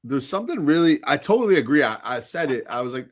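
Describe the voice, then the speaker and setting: A man's voice: on the high side, sing-song, fast, few pauses. A man co-hosting a podcast, chatting casually and thinking aloud with hesitant fillers. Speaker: podcast co-host. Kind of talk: casual recap chat.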